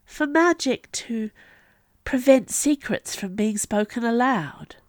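A woman voicing a miserable, fearful young princess who speaks in a hushed whisper. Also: on the high side, lively intonation, takes it slowly, dry recording, clean studio sound, pitched above the performer's own voice.

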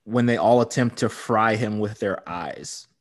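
A man's voice: lowish voice, unhurried. A man co-hosting a podcast, recapping an episode in casual chat and laughing often. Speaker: podcast co-host.

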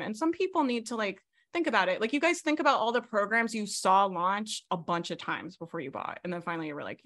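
A woman coaching on a video call. She talks fast and animatedly, with many fillers. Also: fairly high pitch, lively intonation, a bit bright. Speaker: business coach.

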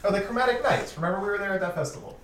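A man's voice: sits high, animated, rapid-fire, fairly bright tone, a little hiss or hum. A man playing a tabletop role-playing game, joking and rambling with frequent restarts. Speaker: player. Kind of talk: casual tabletop play. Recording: echoey room, slightly distant mic.

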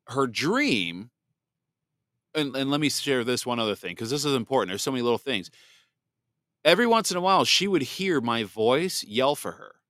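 Male podcast host, candid rambling testimony, dry close mic, mid pitch. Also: a bit bright, no echo. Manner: candid, rambling, with many restarts. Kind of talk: personal testimony monologue.

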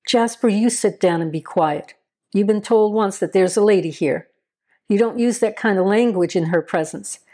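A steady male sheriff with firm, measured commands, as a woman reads him in a storybook. His talk is even and plain, with a mid-range pitch. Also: lightly acted. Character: stern, steady male small-town sheriff.

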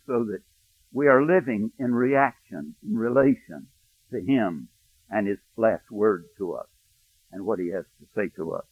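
A male pastor preaching a sermon, telling a personal story, hushed in tender moments and rising to emphatic preaching. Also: medium pitch, animated, normal speed, breathy edge, dry recording. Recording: dry, thin phone-like sound.

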